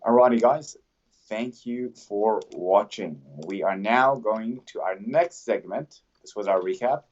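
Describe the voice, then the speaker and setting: A man's voice: lowish voice, measured pace, darkish tone. An Australian man co-hosting a casual fight chat, laid-back, mostly giving short agreeing replies. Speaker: podcast co-host. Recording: slightly muffled lo-fi audio.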